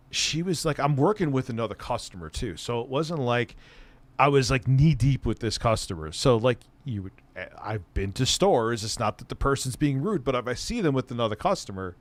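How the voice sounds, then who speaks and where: A man's voice: medium pitch, no room sound. A man hosting his own channel, telling a casual, profane, sardonic story about an old job. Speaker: streamer and channel host.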